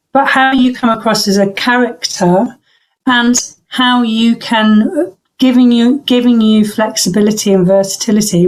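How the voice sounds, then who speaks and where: A middle-aged woman, a voice coach, talking thoughtfully in an interview, pausing to search for words and restarting her sentences. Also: medium pitch, low-quality recording. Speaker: voice coach guest. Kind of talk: reflective interview talk.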